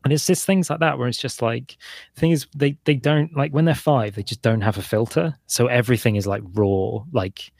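A man's voice: fairly even intonation, moderate pace, vocal fry, darkish tone, no room sound, clean studio sound. A man in his forties co-hosting a podcast, chatting loosely about parenting and acting out the lines of the people in his stories. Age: 40s. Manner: rambling, acts out his son's and his own lines in a higher voice. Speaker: podcast co-host.

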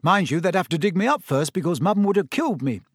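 A man's voice: high voice, fast talker, breathy edge, dry recording, pitched above the performer's own voice. Cheeky teen wizard boy, eager and teasing, performed by a male narrator, dry booth sound. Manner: excited, teasing. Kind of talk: audiobook character voice.

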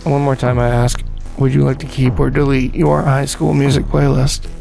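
A man's voice: mid-range voice, little pitch movement, moderate pace, creaky, mellow, faint music behind. A man hosting a podcast in casual joking chat, goofy, bossy and mock-grandiose. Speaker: podcast host. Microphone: dynamic mic.

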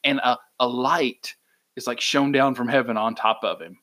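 A man's voice: medium pitch, fairly even intonation, normal speed, pushed and bright. A man in his thirties, co-hosting a casual faith podcast, who tells stories and acts out the quotes. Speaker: podcast co-host.

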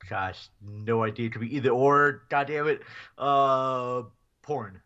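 A man's voice: mid-range voice, unhurried, bright, forceful tone, highs cut off. A man as a podcast guest, answering quiz questions in an easygoing way. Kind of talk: casual comedy podcast, quiz contestant.

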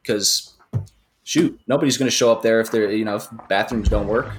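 A man's voice: fairly low pitch, over loud music. Emphatic man co-hosting a podcast in slang. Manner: emphatic, slangy, drawn-out talk. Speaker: podcast co-host. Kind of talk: casual podcast chat.

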